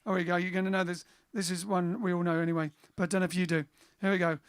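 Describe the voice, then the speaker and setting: A man's voice: high voice, level tone, racing, clean tone, no room sound, clean studio sound. A man from England hosting a band's livestream, chatting, telling jokes and reading out viewer comments. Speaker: band singer and livestream host. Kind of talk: casual chat and jazz singing. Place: indoors, home livestream. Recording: music playing loud behind the voice. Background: band music.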